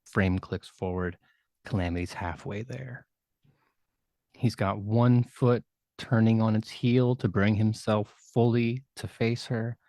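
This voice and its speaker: A man narrating a tabletop role-playing game as game master, with vivid, measured storytelling and hushed dramatic turns. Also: on the low side, steady tone, no room sound.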